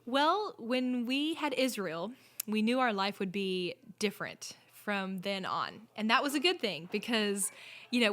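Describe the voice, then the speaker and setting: A woman's voice: mid-range voice, a bit bright. A middle-aged woman, a podcast guest, telling her story in a chatty, upbeat way. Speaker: podcast guest, inn owner and corporate chef. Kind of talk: casual interview chat.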